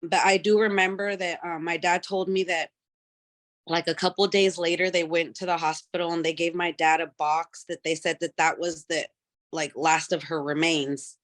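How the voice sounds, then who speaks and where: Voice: mid-range voice, little pitch movement, normal speed, a bit bright, no room sound, studio quality. A client telling a medium a family story hesitantly, with many fillers. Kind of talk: casual conversation.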